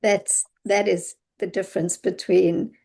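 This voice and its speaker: A woman's voice: mid-range voice, level tone, measured pace, gravelly, darkish tone. A woman teaching a class, speaking thoughtfully and searching for words with frequent restarts. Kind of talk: class discussion.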